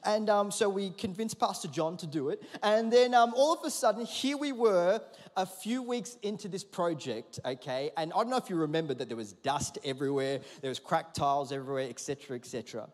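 A pastor preaches in a big church hall, his voice sitting a little high for a man. He tells his story in an animated, chatty way and calls the congregation to answer back. Long reverb trails after every phrase. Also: brisk. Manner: lively, conversational, with audience call-and-response. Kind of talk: sermon with storytelling. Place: large church auditorium.

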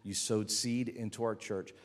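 A man's voice: lowish voice, fairly even intonation, normal speed. A man in his thirties preaching a sermon as a pastor, telling a family story with humor and acting out the voices he quotes.

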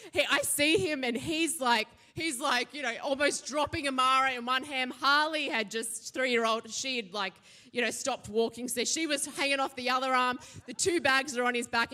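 A woman, a pastor giving a sermon and telling a lively personal story. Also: sits high. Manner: animated storytelling, acts out her own shouting.

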